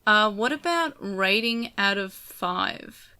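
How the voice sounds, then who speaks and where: A woman's voice: medium pitch, animated, takes it slowly, sharp tone, clean tone. A woman co-hosting a podcast, chatting casually and enthusiastically about an episode, with lots of restarts and fillers. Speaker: podcast co-host. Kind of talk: casual review chat.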